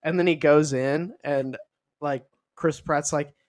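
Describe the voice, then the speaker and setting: A young man co-hosting a podcast, acting out a comic story with loud voiced bits and laughs. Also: on the high side, fairly even intonation, slow pace. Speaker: podcast co-host. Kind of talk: casual comedic chat.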